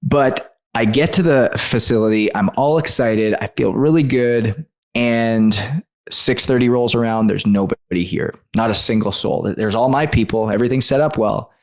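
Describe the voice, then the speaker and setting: A man's voice: medium pitch, moderate pace. A man, a guest author on a podcast interview, telling a personal story in an earnest and emotional way.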